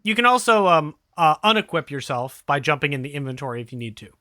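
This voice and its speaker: A man with a bright, somewhat high voice runs a tabletop game and explains the rules quickly, laughing often. He sounds close and dry on the mic. There is no room echo. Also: very animated. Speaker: game master.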